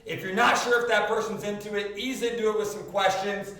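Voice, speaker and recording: High-voiced man in an echoey room. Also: steady tone, brisk, sharp tone. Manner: joking, loose, filler-heavy. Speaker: podcast co-host. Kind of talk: crude comedic podcast banter. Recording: echoey room, distant mic.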